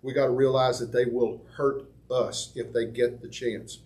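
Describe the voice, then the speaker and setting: A man preaching a sermon in a church, animated and folksy, acting out crowd voices with big jumps in his voice. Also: medium pitch, normal speed, poor audio. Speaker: pastor.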